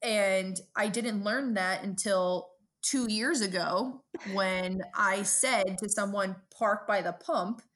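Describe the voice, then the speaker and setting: A woman's voice: medium pitch, takes it slowly, few pauses. A woman from Brooklyn with a New York accent, co-hosting a casual podcast chat and telling stories with plenty of swearing. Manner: profane, storytelling, animated. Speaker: podcast co-host.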